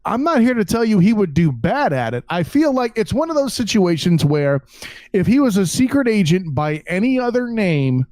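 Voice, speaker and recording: High-voiced man, rambling banter, dry sound. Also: very animated, normal speed, darkish tone, no room sound. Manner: rambling, blunt, swears. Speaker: podcast co-host. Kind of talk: casual chat.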